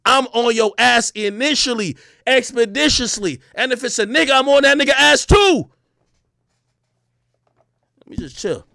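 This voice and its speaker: A young man from Jamaica ranting on a livestream, loud, profane and boastful. He swings between shouting and muttering. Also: extremely high pitch, lively intonation, moderate pace, gravelly, pauses often, no echo, studio quality. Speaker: livestream host.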